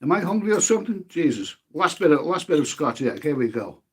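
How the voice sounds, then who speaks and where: Husky guy rambling on his live stream, reading chat names out, mouth half full. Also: on the high side, sing-song, fairly quick. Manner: chatty, eats while talking, swears mildly, reads viewer names aloud.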